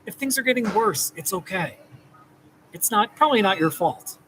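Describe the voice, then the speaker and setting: A man's voice: sits high, animated, normal speed, pushed and bright, slight background noise, poor audio. Rambling, reassuring man therapist. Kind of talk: casual direct-to-camera talk.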